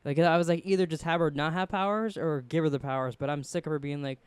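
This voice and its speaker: A man's voice: a little high, steady tone, fast talker, hardly any pauses, smooth, dry recording. A man recapping a TV episode in casual chat, rambling with fillers and quoting characters in put-on voices. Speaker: show reviewer.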